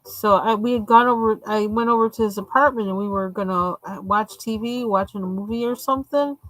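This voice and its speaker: A woman's voice: mid-range voice, a little fast, a bit bright, no room sound, poor audio. Woman from the US, live-stream host telling a story. Chatty, laughs a lot, plays out what people said. Dry, close mic. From United States. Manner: chatty, laughs often, acts out quoted lines. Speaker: streamer hosting a coloring stream. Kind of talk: casual storytelling chat.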